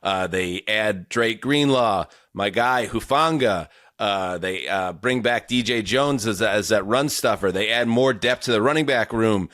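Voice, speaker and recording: A man's voice: on the low side, unhurried, a bit bright, no room sound, studio quality. A man hosting a casual sports podcast, rambling and enthusiastic, often restarting his sentences. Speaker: podcast host.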